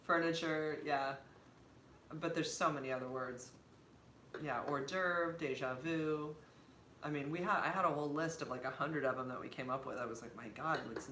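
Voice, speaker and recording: A woman's voice: low-pitched, bright, forceful tone. A woman co-hosting a casual live stream, chatting and laughing often. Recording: echoey room with faint background noise.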